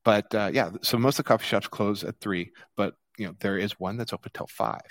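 A low-pitched man from the United States chats casually as a podcast co-host. He rambles and restarts his sentences, filling the gaps with fillers. The sound is dry and close, with no room around it. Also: a little fast, dry recording. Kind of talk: casual chat.

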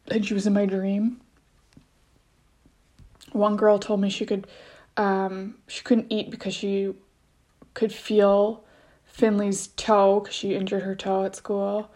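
A woman's voice: mid-range voice, a little mellow. Chatty woman telling a personal story. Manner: rambling, with many restarts and frequent "like". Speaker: mother sharing experiences as podcast guest.

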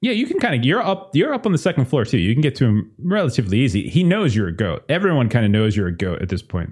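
A young man runs a tabletop game as game master, narrating in a relaxed, chatty way. His pitch rises and falls a lot, and his talk is full of fillers. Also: quick pace, few pauses, husky.

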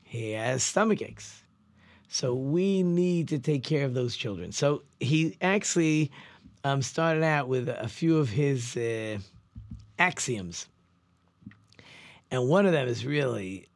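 A man's voice: mid-range voice, lively intonation, slow, pauses often, no echo. A middle-aged man, a rabbi hosting a talk show, talking casually and loosely, with frequent ums and restarts. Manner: conversational, loose storytelling with many ums and restarts.

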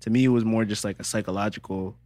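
A man's voice: fairly low pitch, fairly even intonation, fast talker, warm tone, dry recording. A young man in casual podcast chat, giving a laid-back opinion full of "like" and other fillers. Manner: laid-back, filler-heavy, says "like" a lot. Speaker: podcast co-host. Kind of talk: casual chat among friends.

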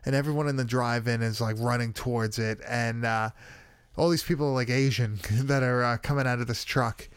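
A man's voice: medium pitch, fairly even intonation, brisk, smooth, dry recording, clean studio sound. A young man casually recapping a film on a podcast, laughing often, swearing and filling his talk with "like". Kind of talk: casual profane chat.

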